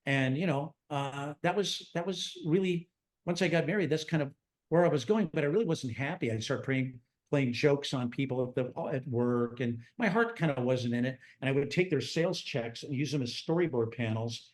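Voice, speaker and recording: In an interview, a theme park designer in his sixties tells stories from his life at a moderate pace in a medium-pitched voice. He's animated, acting out the voices of the people he quotes as he goes.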